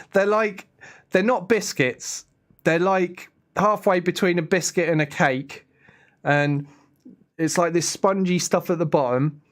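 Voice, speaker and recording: A man's voice: sits high, slow pace. A young man chatting casually on a live stream, rambling and answering his chat. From England.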